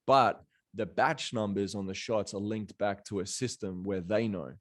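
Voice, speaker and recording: A man speaking at a fairly low pitch, loose and rambling in a relaxed podcast chat. He strings thoughts together with constant fillers, sounding conversational and unpolished. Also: moderate pace. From Australia. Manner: rambling, heavy on fillers like "you know" and "bro".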